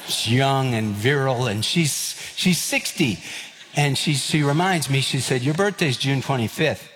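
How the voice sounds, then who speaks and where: A man, preaching a sermon and telling stories with lively acted-out voices. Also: medium pitch, a little slow, a little hiss or hum. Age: 50s. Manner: animated, acts out quoted voices and escalating lines. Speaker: pastor. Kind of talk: sermon with storytelling. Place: church sanctuary. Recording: long hall reverb.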